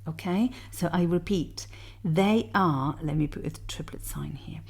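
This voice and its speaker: Female theory tutor, low-pitched and unhurried, talks students through answers, counting beats aloud. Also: creaky, a little mellow. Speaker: music theory teacher. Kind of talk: explaining exam answers step by step.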